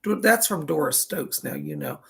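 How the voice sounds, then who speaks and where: Very gravelly man giving psychic readings. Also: fairly high pitch, expressive, a bit bright. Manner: relays messages, often pauses with "hold on". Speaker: psychic medium. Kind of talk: live online psychic readings.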